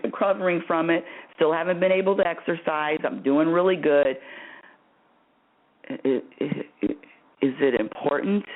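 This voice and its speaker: Animated woman host on tinny radio. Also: low-pitched. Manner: rambling, repeats and restarts phrases. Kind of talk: spiritual self-help talk. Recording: tinny phone-like radio audio.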